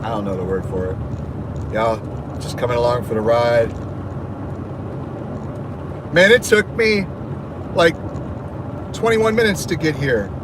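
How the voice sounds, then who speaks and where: A man's voice: medium pitch, a little slow, pauses often. A man vlogging casually from his car as he drives to work, chatting and joking as his thoughts wander. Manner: chatty, jokey, wandering talk. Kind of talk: casual rambling car vlog. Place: car on a highway. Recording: car road noise behind voice.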